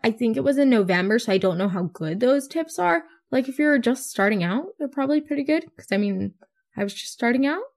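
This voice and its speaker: A teenage girl hosting her own podcast, rambling in a bubbly, self-mocking way and swearing casually. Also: mid-range voice. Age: teens. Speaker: podcast host. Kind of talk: casual solo podcast chat.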